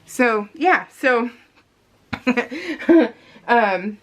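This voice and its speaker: A woman with a slightly raised pitch talks in a loose, rambling way, as if chatting with friends. She keeps addressing her viewers directly while she works through a scrapbooking page. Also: animated, very slow. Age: adult. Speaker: scrapbooking vlogger. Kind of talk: casual chat voiced over crafting.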